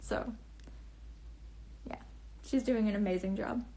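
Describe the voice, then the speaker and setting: A woman's voice: mid-range voice, slow, warm tone. A young woman casually chatting on a phone livestream, answering comments in a bubbly, rambling way with lots of restarts and laughs. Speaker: livestream host and author. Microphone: phone camera.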